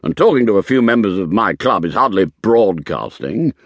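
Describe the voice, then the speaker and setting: A pompous older gentleman who blusters and bristles at every doubt, as a male narrator puts him on. His voice swoops up high in indignation, read close and dry in a studio for an audiobook. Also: expressive, normal speed, no room sound. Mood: irritated. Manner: blustering and irritable. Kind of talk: audiobook character voice.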